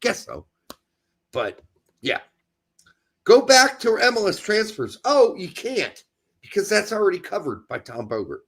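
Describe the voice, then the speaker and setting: A man co-hosting a casual soccer chat, ranting and mocking claims in quick sarcastic bursts. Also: high voice, gravelly, husky. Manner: animated, ranting, sarcastic mimicry. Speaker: podcast co-host.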